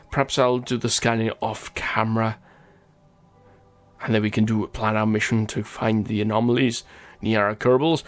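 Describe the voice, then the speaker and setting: A man hosting a gaming channel, chatting casually over gameplay as he reads out viewer comments, often stumbling over names and laughing. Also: lowish voice.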